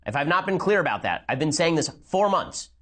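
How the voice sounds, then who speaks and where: A man's voice: on the high side, very animated, brisk, a bit bright. Sarcastic, argumentative male commentator. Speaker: political commentator. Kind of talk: sarcastic commentary reacting to a speech.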